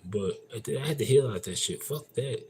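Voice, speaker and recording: A man in a casual livestream monologue, telling a story in a profane, emphatic and rambling way. He swings between loud outbursts and low mutters. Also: lively intonation, brisk, slight background noise, poor audio. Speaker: livestream host.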